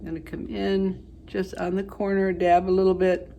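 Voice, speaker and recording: A woman's voice: fairly low pitch, little pitch movement, moderate pace. Chatty woman in her seventies doing makeup. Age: 70s. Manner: chatty storyteller, rambling with fillers, dropping to soft asides while applying makeup. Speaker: beauty vlogger. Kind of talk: casual makeup tutorial chat.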